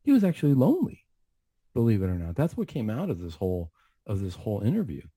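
A man's voice: fairly low pitch, wildly swooping pitch, quick pace, dark tone, husky, no echo. A man who works as a counselor, giving an earnest, reflective faith testimony on a talk show with many asides. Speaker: mental health counselor.

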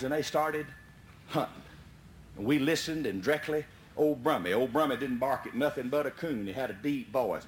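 A man telling a folksy tall tale in an animated, chuckling way. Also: mid-range voice. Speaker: storyteller. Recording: roomy echo, faint background noise.

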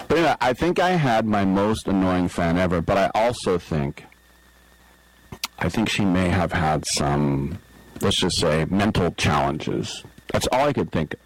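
Middle-aged male sports radio host, deep voice, dry studio sound, rambling anecdotes. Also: expressive, a little slow, no room sound, poor audio. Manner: rambling, self-deprecating, acts out quotes. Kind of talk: casual storytelling on radio. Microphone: studio microphone.

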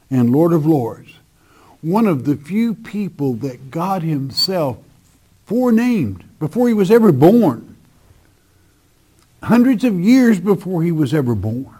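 A male preacher delivering a sermon at a slow, deliberate pace. His voice is mellow and dark, and he drawls out the words he wants to land. He repeats key phrases and calls his listeners friend. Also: on the high side, big pitch swings, slightly rough. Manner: drawls slowly on stressed words.

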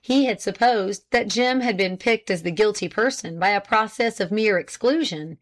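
A woman narrating a period novel in a measured, even storytelling voice. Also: medium pitch. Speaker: audiobook narrator. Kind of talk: scripted narration.

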